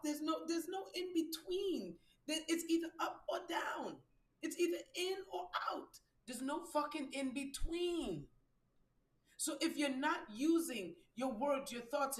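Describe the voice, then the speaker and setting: A woman hosting a live stream as a spiritual reader, giving a blunt, profane motivational talk and repeating phrases for emphasis. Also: high voice. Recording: roomy echo.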